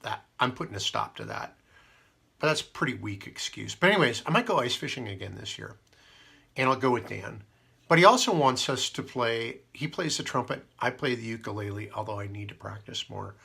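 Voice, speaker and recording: A man's voice: mid-range voice, lively intonation, brisk, creaky, bright, forceful tone, slightly rough. A man hosting a casual radio show, rambling through stories with many fillers and asides. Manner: meandering, full of fillers and asides. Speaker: radio host.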